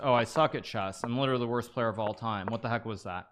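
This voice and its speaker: A man streaming his online chess games, talking through each move as he plays. His voice is bright and forceful, and it jumps up in sharp bursts of self-criticism when he spots a mistake. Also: medium pitch, fast talker, few pauses. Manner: thinks aloud with sudden excited self-critical outbursts. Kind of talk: live commentary while playing online chess.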